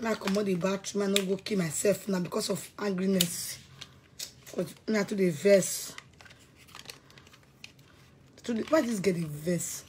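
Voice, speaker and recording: A woman's voice: medium pitch, moderate pace, a little mellow, slight background noise. A woman with a Nigerian accent delivering a heated, threatening rant, repeating herself often. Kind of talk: angry rant to camera.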